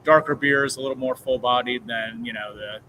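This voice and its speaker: A man's voice: medium pitch, fairly even intonation, normal speed, pushed and bright, a little hiss or hum, poor audio. A man who co-owns a brewery, answering interview questions on a video call from his brewery, thinking aloud with hesitant starts. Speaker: brewery co-owner, guest. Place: working brewery.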